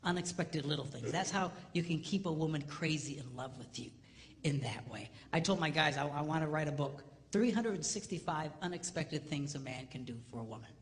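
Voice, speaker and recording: A middle-aged man with a slightly high voice speaks fairly quickly at a marriage seminar, giving a comedic talk. He tells animated stories, imitates voices, and delivers jokes and punchlines, all captured with long hall reverb and faint background noise.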